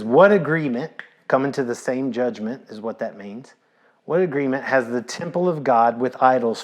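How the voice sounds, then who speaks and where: A man, a pastor preaching a sermon in a relaxed, storytelling way, repeating phrases and dropping in casual asides. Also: medium pitch.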